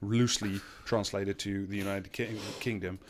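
A man's voice: on the low side, level tone, normal speed, a little hiss or hum. A man co-hosting a casual, sweary political podcast, rambling through his points. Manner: rambling, sweary, reads quotes aloud. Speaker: podcast co-host.

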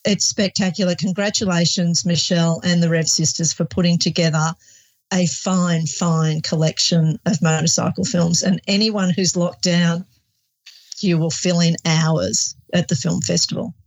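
A woman's voice: fairly low pitch, steady tone, moderate pace. Chatty woman on a dull lo-fi line. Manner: chatty and enthusiastic, laughs easily. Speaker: co-host. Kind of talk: casual group chat on a podcast. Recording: dull lo-fi remote audio.

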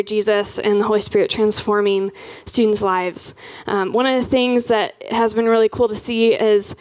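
Chatty young woman, higher voice. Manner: chatty, frequent "um" and "like" fillers. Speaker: campus missionary. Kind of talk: casual church talk.

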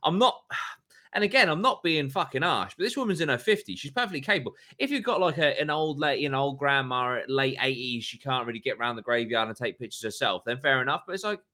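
A man's voice: mid-range voice, lively intonation, fast, bright, forceful tone. A man co-hosting a podcast, talking bluntly and swearing freely in casual chat. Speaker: podcast co-host.

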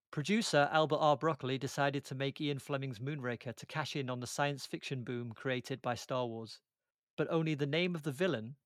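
A man's voice: mid-range voice, dry recording. A man hosting a movie podcast, moving between banter and a scripted film rundown. His voice sits mid-range and is recorded close and dry, with no room sound. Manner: playful, reads a prepared segment. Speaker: podcast host.

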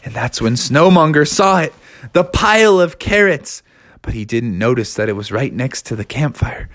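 A man's voice: medium pitch, lively intonation, moderate pace, a bit bright. A man narrating an improvised children's story in a playful, sing-song way.

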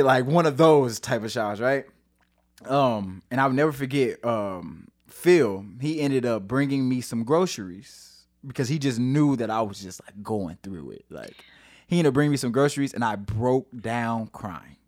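The speaker is a man from St. Louis, USA, a singer-songwriter on a podcast, sharing his story with animated casualness, frequent fillers, laughter and profanity. He has a mid-range voice and talks at normal speed.

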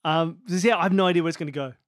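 A man co-hosting a podcast in casual chat, playful and quick to laugh and tease. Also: on the high side, no room sound, clean studio sound. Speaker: podcast co-host.

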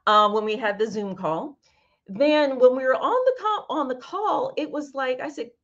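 A woman's voice: high voice, moderate pace, muffled recording. A woman from Brooklyn, a sex coach, telling stories animatedly as an interview guest. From New York (Brooklyn). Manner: animated storyteller, voices other people in her anecdotes. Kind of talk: casual interview chat.

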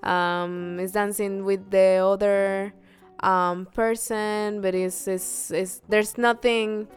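A woman's voice: medium pitch, slow, clear, resonant tone, soft background music. Brief: female podcast co-host, easygoing and chatty. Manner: relaxed, laughs easily, counts steps out. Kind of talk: casual chat about dancing.

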